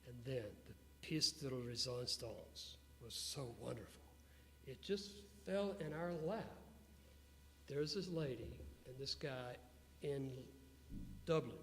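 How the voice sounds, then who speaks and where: A man being interviewed before an audience, telling business stories in an animated way and putting questions to the crowd. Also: mid-range voice, takes it slowly. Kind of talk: storytelling talk to an audience. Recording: long hall reverb with faint hum.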